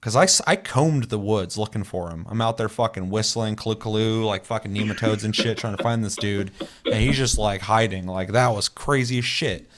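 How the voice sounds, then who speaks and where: A man's voice: on the low side, normal speed, very noisy. A young man co-hosting a gaming podcast, telling long, rambling stories full of swearing in casual chat. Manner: rambling, profane storytelling. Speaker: podcast co-host.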